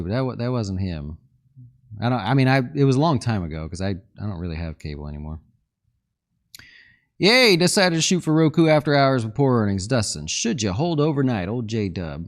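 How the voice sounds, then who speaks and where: A man hosting a live market stream, chatting casually and joking while reading viewer questions and thinking aloud over charts. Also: lowish voice. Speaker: fund manager hosting a market livestream.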